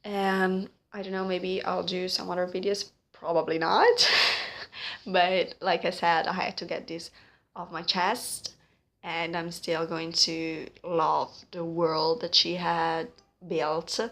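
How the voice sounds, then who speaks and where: A woman in her late twenties talking at home in an earnest, halting vlog monologue, full of pauses and fillers. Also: lowish voice, little pitch movement, fairly bright tone. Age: late 20s. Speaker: vlogger. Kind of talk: casual spoken monologue.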